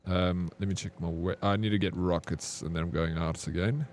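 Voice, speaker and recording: A man's voice: low-pitched, fairly even intonation, a little fast, a little mellow, slight background noise. A young man from South Africa with a South African accent, chatting frankly and laughing easily with viewers while he streams a game. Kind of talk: casual live-stream chat with viewers.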